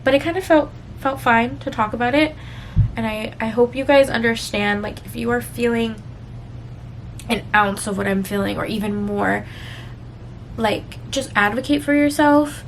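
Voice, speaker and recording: A woman's voice: on the high side, moderate pace, a little hiss or hum. A woman vlogger talking candidly and emotionally to her viewers in a rambling, confessional chat full of fillers. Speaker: book vlogger.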